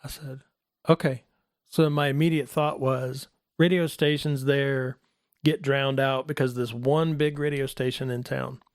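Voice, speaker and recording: A middle-aged man telling a personal faith story in a casual talk, animated and acting out the voices of the people in it. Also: a little slow, dry recording, studio quality. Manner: animated, acts out quoted voices in a higher pitch. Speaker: guest telling his testimony.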